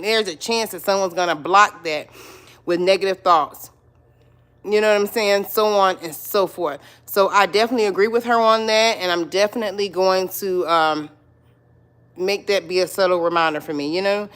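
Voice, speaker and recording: A middle-aged woman with a lowish, fairly bright voice hosts her own livestream, chatting casually with viewers. She greets them by name and repeats her points.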